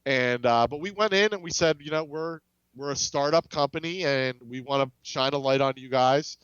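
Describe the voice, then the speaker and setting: A man's voice: medium pitch, normal speed, fairly bright tone, smooth, dry recording, dull audio. A man, a game studio's CEO, chatting as a podcast guest, rambling with frequent restarts and acting out quoted dialogue. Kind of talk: casual interview storytelling.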